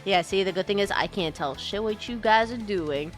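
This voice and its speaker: A woman's voice: medium pitch, moderate pace, loud music behind the voice. A woman streamer chatting casually with her viewers, giggling often and greeting them. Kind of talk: casual live-stream chat.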